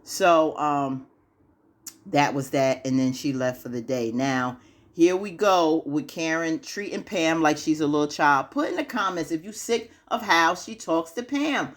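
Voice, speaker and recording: A woman's voice: deep voice, unhurried. A woman chatting casually through a TV episode recap, acting out the characters' lines with frequent laughs. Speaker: TV recap vlogger.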